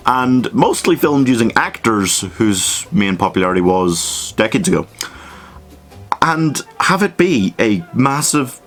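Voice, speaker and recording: A man's voice: medium pitch, sing-song, measured pace, a bit bright, faint music behind. A man giving a casual, comedic film review, sweary, self-mocking and enthusiastic.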